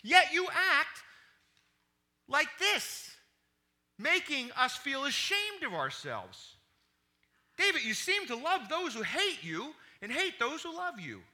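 A man's voice: very high voice, wildly swooping pitch, measured pace, pushed and bright, voice pushed up, full character voice. A man reading the part of a stern army general who bluntly scolds his king. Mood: rebuking.

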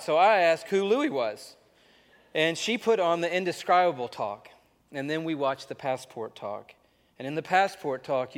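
A man preaching a sermon, telling a story with animated delivery and reading a letter aloud. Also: on the high side. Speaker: pastor. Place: large church auditorium. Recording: echoey church hall.

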